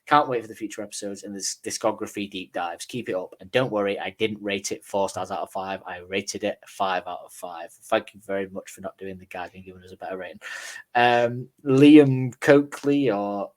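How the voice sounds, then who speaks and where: Chatty Northern English man, lowish voice. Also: steady tone, fairly quick. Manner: chatty, swears casually, self-deprecating. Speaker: podcast co-host. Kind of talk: casual chat reading listener messages.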